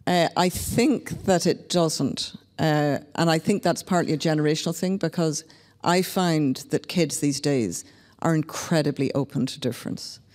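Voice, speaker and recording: A woman's voice: low-pitched, normal speed, a little mellow. A woman from Northern Ireland speaking as a panelist, talking in a reflective, candid and wry way. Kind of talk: panel discussion. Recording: long reverb of a hall.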